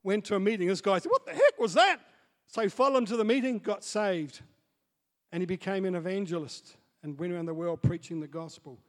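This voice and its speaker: A man preaching a sermon as pastor, dropping to soft asides and building up to loud, excited storytelling. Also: sits high, fairly quick. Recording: long hall reverb.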